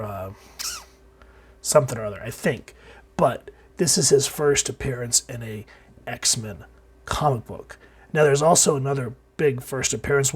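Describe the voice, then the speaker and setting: A man reviewing an old comic book in casual chat, sounding sick and hoarse, with frequent fillers and restarts. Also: mid-range voice.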